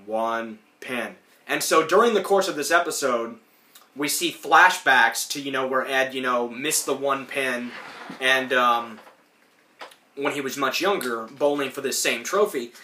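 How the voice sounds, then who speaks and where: A man's voice: medium pitch, unhurried, sharp tone, a little hiss or hum. A man hosting a podcast, giving a casual, rambling, enthusiastic recap of a cartoon, full of fillers. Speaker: podcast host. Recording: roomy echo.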